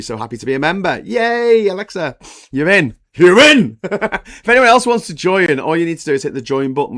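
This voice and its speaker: A middle-aged man from the UK runs a casual political live stream. He talks in a blunt, sweary, rambling way, full of "uh" and "um". His voice sits at an average male pitch.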